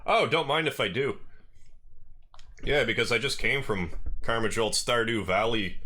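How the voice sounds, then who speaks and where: A man with a Canadian accent chatting casually with viewers on a game livestream, relaxed and rambling. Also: medium pitch. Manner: relaxed, rambling, self-deprecating. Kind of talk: casual chat with viewers while gaming.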